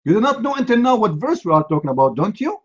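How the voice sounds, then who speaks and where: A man's voice: sits high, big pitch swings, fast, dull audio. Mocking man hosting a heated debate. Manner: mocking, combative, lecturing. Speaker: debate host. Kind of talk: heated live online debate.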